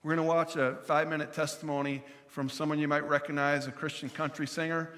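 A man's voice: fairly high pitch, flat delivery, quick pace, fairly bright tone, big-room sound. A man preaching a sermon as pastor, earnestly acting out the Bible dialogue.

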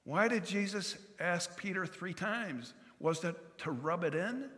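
A man's voice: high voice, lively intonation, unhurried, pushed and bright, in a large hall. A man preaching a sermon as pastor, earnestly acting out the Bible dialogue.

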